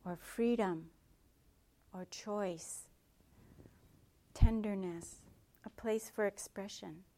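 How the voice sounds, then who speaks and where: Speaking very slowly in a mid-range voice, a woman meditation teacher offers a dharma talk. She stays gentle and reflective, adding quiet asides along the way.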